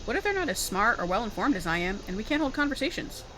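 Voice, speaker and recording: A woman's voice: on the high side, very animated, quick pace, noisy background. A woman reading a smug sidekick.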